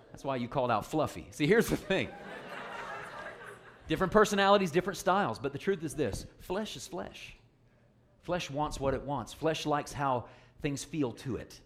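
A man's voice: a little high, expressive, normal speed, a little hiss or hum. A man preaching a sermon, joking with the congregation and calling for responses. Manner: call-and-response, joking, emphatic.

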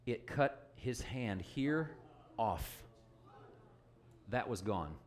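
A man's voice: fairly low pitch, lively intonation, extremely slow. A man preaching a sermon, joking with the congregation and calling for responses. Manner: call-and-response, joking, emphatic.

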